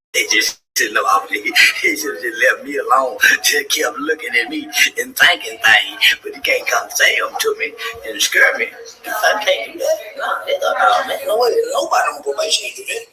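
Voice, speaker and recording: A man telling a story in an animated, boisterous way, cursing freely and laughing often, with bursts of shouting. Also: medium pitch, moderate pace, echoey room, a crowd in the background, rough recording. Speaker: podcast guest.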